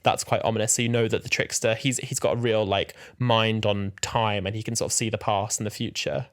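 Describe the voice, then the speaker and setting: A man's voice: fairly low pitch, flat delivery, fairly quick. A man in his twenties co-hosting a podcast, eagerly retelling scenes in casual chat. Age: 20s. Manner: enthusiastic, retells scenes with quoted dialogue. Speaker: podcast co-host.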